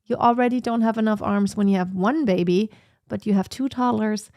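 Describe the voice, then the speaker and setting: A woman's voice: medium pitch, brisk, a little mellow, dry recording. Chatty woman on a dry home-office livestream. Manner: chatty and reflective, with frequent fillers. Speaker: vlogger. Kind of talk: casual sit-down livestream chat.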